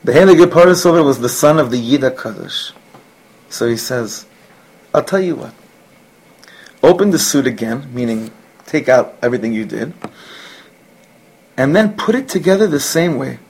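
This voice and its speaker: A man's voice: medium pitch, animated, moderate pace, pauses often, a little mellow, husky, rough recording. A man teaching a class, telling a Hasidic story mixed with Yiddish and Hebrew words and asides to his students.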